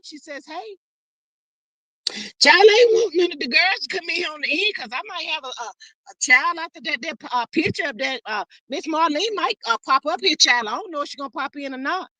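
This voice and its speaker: A woman's voice: high voice, a bit bright, dry recording. A woman hosting a casual livestream, greeting viewers by name and chatting playfully. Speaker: livestream host reading chat.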